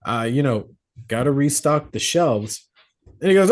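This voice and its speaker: Co-hosting a horror podcast, this man recaps a film's plot casually, swearing freely and acting out the characters' lines in their voices. His voice is fairly high and his pace moderate, recorded on a podcast mic.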